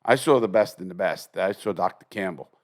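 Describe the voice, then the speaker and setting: An older American man with a lowish voice hosts a casual podcast chat. He tells stories bluntly and profanely, acting out the voices of the people he quotes. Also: brisk. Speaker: podcast host.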